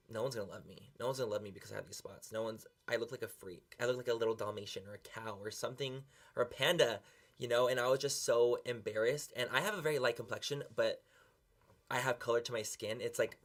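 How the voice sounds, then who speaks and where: Young guy vlogging, kinda low voice, emotional and earnest, almost crying, swears a bit. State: close to tears. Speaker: beauty vlogger. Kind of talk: emotional confessional vlog.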